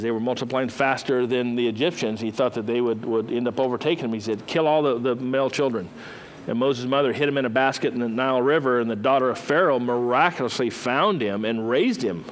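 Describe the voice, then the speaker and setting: A male preacher delivering a sermon in a relaxed storytelling manner, voicing the characters as he tells their stories. His voice sits at an ordinary middle pitch, and a faint hiss runs under the recording. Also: fairly quick, rough recording. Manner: conversational storytelling, acting out the characters.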